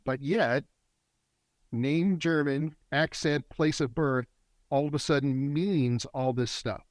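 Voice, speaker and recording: A man's voice: a little high, fairly even intonation, no room sound. A middle-aged man, a men's work facilitator, talking as a guest in a reflective interview in an earnest, teaching tone. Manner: earnest, teaching tone that speeds up and slows down. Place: a warm, quiet spot with a generator running nearby.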